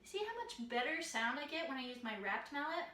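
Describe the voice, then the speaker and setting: A woman's voice: high-pitched, lively intonation, a little fast. A woman teaching a children's music lesson from her home kitchen, talking in friendly questions to young listeners. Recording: echoey kitchen, distant mic, loud clatter.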